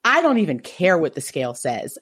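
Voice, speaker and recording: A woman chatting casually as a podcast co-host, telling stories in an animated, playful way. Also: low voice, fairly quick, husky. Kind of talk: casual group chat.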